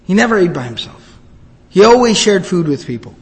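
A man preaching a sermon, telling a story and reciting Arabic quickly before explaining it in English. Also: high-pitched, big pitch swings, in a large hall. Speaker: Islamic preacher.

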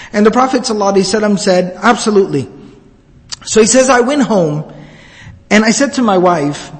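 A man preaching a sermon, telling a story and reciting Arabic quickly before explaining it in English. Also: high voice, big-room sound. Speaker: Islamic preacher.

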